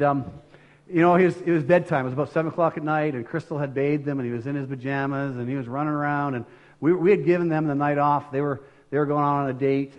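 A man's voice: fairly high pitch, highs cut off. An older man preaching a conversational sermon in an earnest tone, with frequent restarts.

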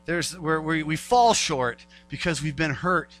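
A man's voice: on the high side, measured pace, fairly bright tone, soft background music, poor audio. A male pastor giving a conversational sermon. He repeats key phrases and acts out the voices of doubters.

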